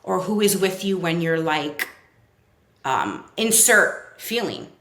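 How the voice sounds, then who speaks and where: Guest: woman with a New York accent, slightly low voice, casual talk, roomy recording. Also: sing-song, slow, a bit bright. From Brooklyn. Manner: chatty, many fillers, acts out kids' quotes. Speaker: child psychotherapist guest. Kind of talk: casual podcast interview. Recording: roomy echo.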